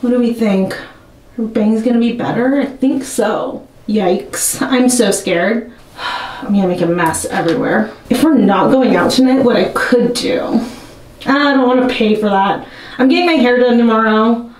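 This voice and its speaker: A woman's voice: on the high side, unhurried, darkish tone. Nervous chatty woman vlogger, roomy sound. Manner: nervous, self-mocking, chatty. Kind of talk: casual talking to camera while cutting a wig. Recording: roomy and a bit distant from the mic.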